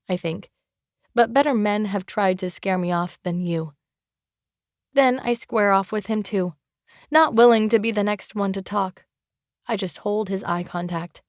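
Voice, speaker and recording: A woman narrating a fantasy romance audiobook in first person, wry and expressive, close to the mic. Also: medium pitch, no echo.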